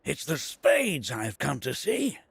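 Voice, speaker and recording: An actor playing an excitable older male mechanic and former street racer in a video game. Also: on the high side, takes it slowly, dry recording, full character voice. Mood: friendly. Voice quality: gravelly, husky. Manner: bursts into shouting excitement and laughter.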